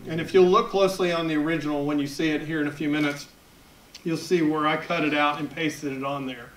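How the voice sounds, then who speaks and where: A Southern man in his fifties tells stories from his cartooning career to an audience, chatty and quick to poke fun at himself. His voice sits fairly high for a man. He is picked up from a distance in a roomy, echoing hall. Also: steady tone, fairly bright tone, slight background noise. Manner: chatty, self-deprecating humor. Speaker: editorial cartoonist giving a talk. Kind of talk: public talk to an audience. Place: event hall at a library. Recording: echoey hall, picked up from far off.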